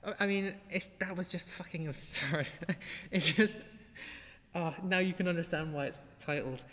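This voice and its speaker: A man's voice: high voice, moderate pace, fairly bright tone, long reverb tail, a little hiss or hum. A man hosting a podcast, giving blunt, profane, sardonic commentary. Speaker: podcast host. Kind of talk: casual commentary.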